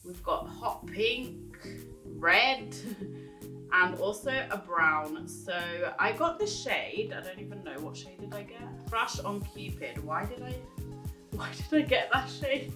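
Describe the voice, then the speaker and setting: A woman's voice: mid-range voice, expressive, takes it slowly. Chatty giggly woman in an echoey room. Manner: chatty, giggly, rambling with fillers. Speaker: beauty vlogger. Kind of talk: casual makeup review. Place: indoors at a table, echoey room. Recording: echoey room, voice from a distance, music behind.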